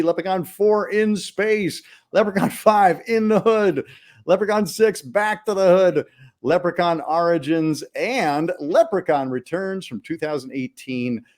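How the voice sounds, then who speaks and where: A man hosting a horror film podcast, opening with a theatrical scripted intro and then chatting casually with his guests. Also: on the high side. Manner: lively, theatrical delivery. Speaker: podcast host.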